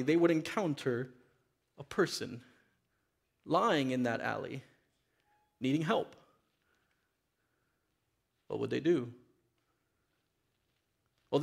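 A man's voice: on the high side, vocal fry, breathy edge. A man preaching a sermon in a church, reading scripture aloud and then speaking earnestly and openly to the congregation. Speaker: pastor.

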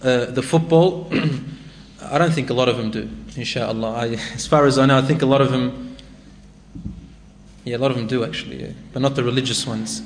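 A man's voice: medium pitch, steady tone, moderate pace, slight background noise. A man giving a sermon and answering a question in a conversational way that rises to emphatic exhortation. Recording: echoey hall with faint ambience.

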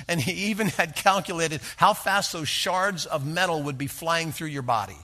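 A man preaching a sermon and telling personal stories, swinging from hushed, intimate lines to rising, emphatic ones. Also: a little high, normal speed, few pauses. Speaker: pastor.

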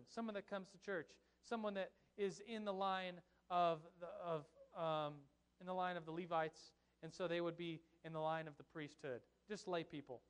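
In his sermon, a high-voiced young pastor recounts a Bible story with humor and energy, pausing for asides to the people in his congregation.

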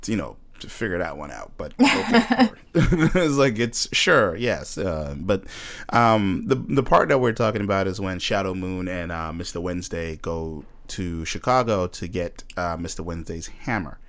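Male co-host, lowish voice, loose and chatty, lots of laughs and fillers. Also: very animated, normal speed, a bit bright. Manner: laughs often, many fillers and restarts. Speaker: podcast co-host. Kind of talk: casual chat about a TV show.

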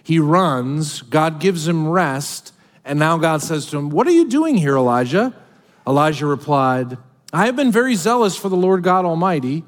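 A man's voice: on the high side, moderate pace, long reverb tail. A man preaching a sermon as a pastor, dramatically voicing scripture and heartfelt prayers.

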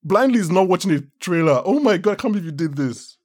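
A man chatting as a guest on a podcast, excitable and exasperated, laughing often. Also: high-pitched, fast. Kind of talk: casual podcast chat.

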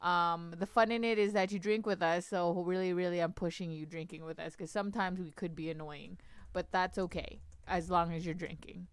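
A woman's voice: on the low side, fairly even intonation, moderate pace, clean tone, dry recording. A woman co-hosting a casual podcast, rambling with lots of fillers and poking fun at herself. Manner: rambling, filler-heavy, self-deprecating. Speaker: podcast co-host. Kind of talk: casual chat.

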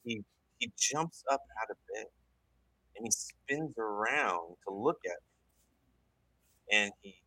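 A man, a guest on a talk show, telling a personal story in an earnest, halting way with many restarts. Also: on the low side, expressive, bright, forceful tone, breathy edge, poor audio.

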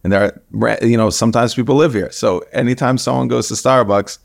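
A man's voice: mid-range voice, steady tone, a little fast, creaky. A man co-hosting a casual podcast, chatting and teasing as he tells everyday stories. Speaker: podcast co-host. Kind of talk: casual chat.

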